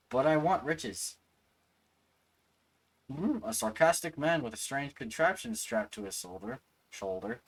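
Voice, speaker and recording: Guy streaming a game, sore throat, goofy and rambly, mid-pitched voice. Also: lively intonation, a little slow, long pauses, low-quality recording. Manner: playful, rambling, reads game text aloud. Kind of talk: casual gameplay commentary.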